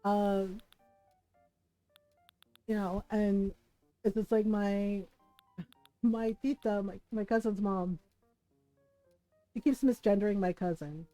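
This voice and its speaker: A woman streamer chatting casually, telling a family story in an animated way and giggling often. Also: mid-range voice, slow, long pauses, no room sound, soft background music, low-quality recording. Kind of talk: casual chat while gaming.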